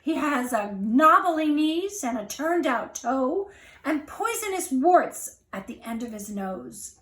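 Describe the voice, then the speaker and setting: A woman's voice: sits high, sing-song, slow, fairly bright tone, reverberant, full character voice. A woman doing a sly little mouse. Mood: coolly polite. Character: small clever brown mouse, calm and sly.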